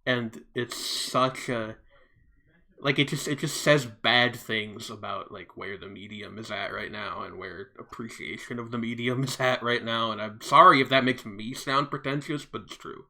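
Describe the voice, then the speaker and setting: A man's voice: medium pitch, normal speed, sharp tone. A young man co-hosting a podcast, talking frankly and wryly as a self-aware critic in casual chat. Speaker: podcast co-host.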